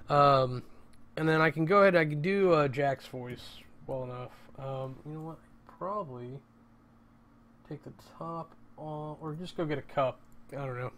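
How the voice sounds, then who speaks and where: A man's voice: on the high side, normal speed, fairly bright tone. A man rambling casually at home in a vlog, interrupting himself and swearing often. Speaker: vlogger.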